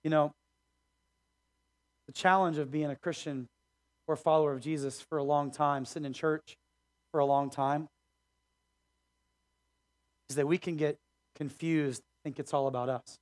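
A man preaching in a church with a notably high voice. He talks in a lively, conversational way, building emphasis and then dropping back to a quieter, intimate tone. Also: moderate pace, pauses often. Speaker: pastor. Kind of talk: sermon. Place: church auditorium.

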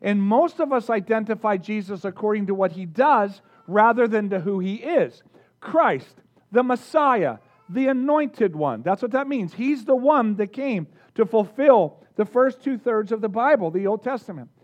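High-voiced energetic man preaching. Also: moderate pace, dull audio. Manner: energetic, engages the audience with questions. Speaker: pastor. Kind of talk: sermon.

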